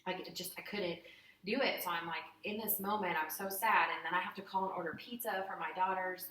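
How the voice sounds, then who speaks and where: A woman in her thirties telling an emotional personal story in a candid, animated way, often acting out what people said. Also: fairly low pitch, brisk, slight background noise. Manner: candid, heartfelt, animated retelling with acted-out quotes. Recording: echoey room, voice from a distance.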